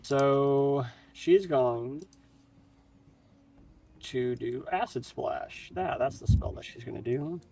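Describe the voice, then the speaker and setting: A man's voice: medium pitch, vocal fry, warm tone, breathy edge, distant mic. Man running a tabletop game, off-mic. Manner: casual, halting rulings with restarts. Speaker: dungeon master.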